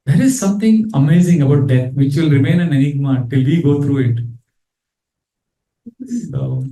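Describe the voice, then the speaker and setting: Telling stories with earnest feeling, a man teaches a Bhagavatam scripture class, becoming animated whenever he quotes. He speaks at medium pitch with vocal fry, recorded in an echoey room from a distant mic.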